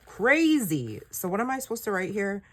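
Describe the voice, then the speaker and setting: A woman's voice: mid-range voice, big pitch swings, moderate pace, fairly bright tone. A woman, telling a personal story in casual chat while journaling, candid and rambling, acting out quoted dialogue. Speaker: journaling creator.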